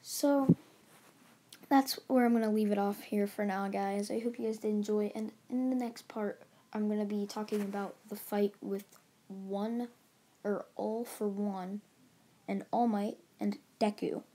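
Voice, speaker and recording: A woman's voice: medium pitch, steady tone, measured pace, dark tone. A woman casually retelling a story as a channel host, rambling along with restarts and filler words.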